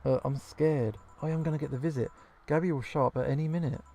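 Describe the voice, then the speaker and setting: Man voicing a halting, uneasy bartender woman from a game, gravelly, soft game music behind. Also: a little high, fairly even intonation. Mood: nervous. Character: bartender woman, anxious and bitter. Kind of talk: reading game dialogue aloud.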